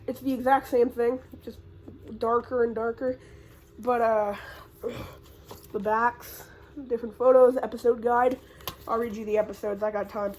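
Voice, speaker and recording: Speaking off the cuff in a slightly high, darkish voice, a young YouTuber rambles and swears through a recap, filling pauses with ums and uhs like a casual vlogger talking to camera. There is slight background noise.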